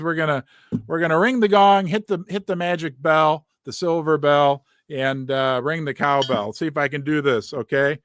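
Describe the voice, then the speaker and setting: A man hosting a precious metals live stream from his basement, excitedly greeting viewers by name and losing his voice. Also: fairly high pitch, normal speed. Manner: excitable, reading out viewer names. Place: basement room.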